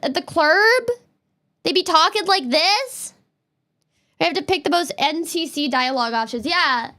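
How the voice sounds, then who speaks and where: A woman from Canada streams and talks over a game in a loose, rambling way, her high voice quick to turn exasperated. The tone is bright and sharp and stays that way throughout. She chats casually to her audience. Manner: rambling, exasperated, fast-talking. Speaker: VTuber streamer. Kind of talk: casual gameplay commentary.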